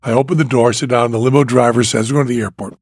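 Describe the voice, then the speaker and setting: A man's voice: medium pitch, steady tone, very fast, husky, dry recording, studio quality. An older man with a sore throat, telling a story in casual chat and acting out the other people's lines. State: sore throat after a procedure. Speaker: podcast host.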